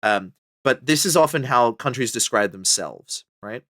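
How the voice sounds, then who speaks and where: Male author-guest, mid pitch, lively and chatty, dry close podcast mic. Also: moderate pace, no echo. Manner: animated, chatty, full of fillers and pitch jumps. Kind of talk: casual conversational interview.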